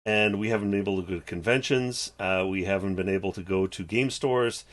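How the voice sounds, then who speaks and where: A man talking as a guest in a casual chat, pitching his company's new books with enthusiasm. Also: fairly quick. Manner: enthusiastic pitching, many fillers. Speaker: game publisher guest.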